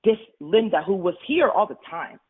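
Husky woman on a tinny phone line. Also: medium pitch, very animated, moderate pace. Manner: candid and emphatic, tumbling restarts. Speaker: guest, money coach. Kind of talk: personal storytelling in a radio interview.

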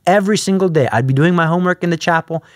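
A man's voice: high-pitched, very fast, no room sound, clean studio sound. A man telling his faith story in a conversational interview, acting out his own past dialogue. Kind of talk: conversational testimony.

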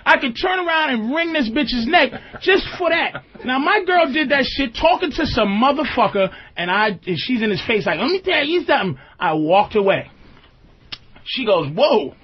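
A man hosting a radio talk show, telling a profane comedic story in a brash, animated way. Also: very high voice, moderate pace, slightly rough, lo-fi sound.

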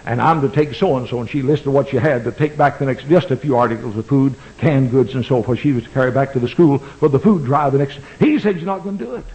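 A man preaching a fiery old-time sermon in a church, swinging between loud cries and low, hushed words. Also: rough recording. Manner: impassioned preaching with dramatic swings in pitch and volume. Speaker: pastor. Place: church sanctuary. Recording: old radio broadcast recording.

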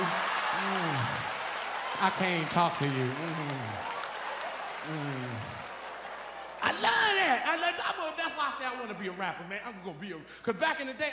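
High-pitched, loud stand-up comedian man. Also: background noise. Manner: loud, animated, breaks into song and rhymes. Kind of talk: stand-up comedy with singing and freestyle rap. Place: large comedy venue stage. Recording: echoey live hall with music and crowd. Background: audience laughter and music.

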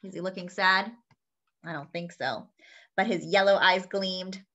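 A woman reading a children's picture book aloud, lively, often turning to ask her young listeners questions. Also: on the low side, measured pace. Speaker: children's story reader. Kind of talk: read-aloud storytelling for children. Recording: dull lo-fi sound.

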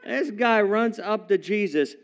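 Male preacher with a slightly high voice, playful storyteller, jokes with the congregation. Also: measured pace, slight background noise. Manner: playful, animated, chuckling asides to the congregation. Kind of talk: humorous storytelling sermon. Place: church service with a live congregation.

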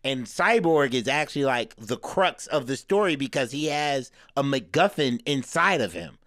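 A man in casual podcast chat, telling a long story with plenty of "uh" and "like" along the way. His pitch sits in an ordinary middle range. The sound is dry and close. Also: expressive, normal speed, fairly bright tone, no room sound. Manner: rambling, explains at length with fillers. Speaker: podcast co-host.

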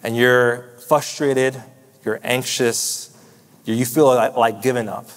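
A man preaching a sermon as pastor, telling a story with quoted dialogue and slowing down to stress key words. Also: mid-range voice, fairly even intonation. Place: large church sanctuary. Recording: long hall reverb.

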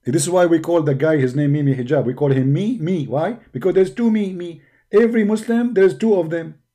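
Man, middle-aged, sarcastic taunting monologue, slightly high voice, warm tone. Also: a little fast. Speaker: online debater. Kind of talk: mocking stream monologue.

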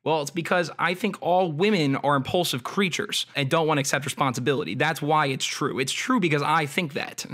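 A man's voice: a little high, brisk, bright, forceful tone. Wry, laughing male streamer. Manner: wry, mocking, laughs often, swears casually; reads text aloud then comments with frequent "like" and "I mean". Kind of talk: casual live-stream reaction.

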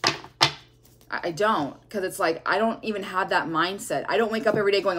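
A woman's voice: mid-range voice, lively intonation, normal speed, a bit bright, slightly rough. A woman giving a casual tarot reading, talking bluntly with lots of swearing and a sassy edge. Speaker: tarot reader.

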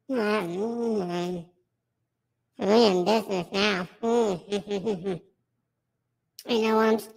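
A brash streetwise eater with a high, creaky filtered voice, as a man talks through a voice filter. He drawls slowly in slangy hype talk, hyping his food to the stream. The filter pushes his voice well above a man's own. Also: fairly bright tone, exaggerated voice. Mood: eating. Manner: swaggering, slangy hype talk while eating. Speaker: streamer doing a mukbang.

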